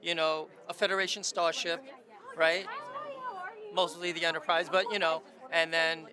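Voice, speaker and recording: A man's voice: a little high, little pitch movement, moderate pace, a crowd in the background. A man, an actor at his premiere, talking enthusiastically in a red carpet interview and restarting his sentences often. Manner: enthusiastic, stammering, many restarts.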